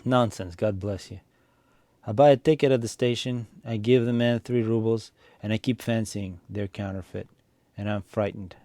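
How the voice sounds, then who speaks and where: A man's voice: fairly low pitch, fairly even intonation, normal speed, warm tone, no room sound, lightly acted. A man reading as an anxious pious old grandfather. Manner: anxious, tearful.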